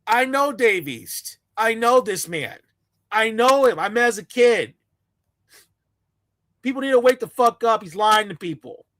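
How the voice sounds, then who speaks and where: Scornful bright-voiced woman ranting. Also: a little high, lively intonation, a little slow, pauses often, dry recording. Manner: scornful, blunt, mocking. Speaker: commentator. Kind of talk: ranting commentary.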